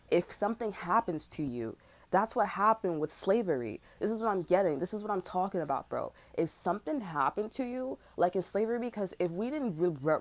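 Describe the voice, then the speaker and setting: A woman giving a casual tarot reading, talking in loose slang with lots of "bro" and swearing, getting louder and more heated as she vents. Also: medium pitch. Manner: slangy, profane, repeats "bro", grows loud and heated. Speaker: tarot reader.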